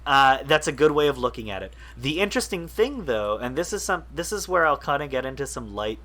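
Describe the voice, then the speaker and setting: Bright and forceful, this mid-range male voice swings widely in pitch and moves fairly quickly. He's co-hosting a casual gaming podcast, explaining enthusiastically at length with lots of fillers and restarts.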